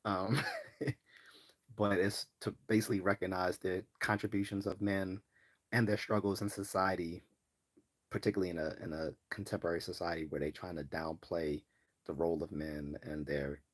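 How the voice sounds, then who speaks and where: A man from Baltimore, on the US East Coast, chats casually on a livestream, reading comments aloud and rambling through many fillers and restarts. His voice sits low, his tone is steady, and his pace is moderate.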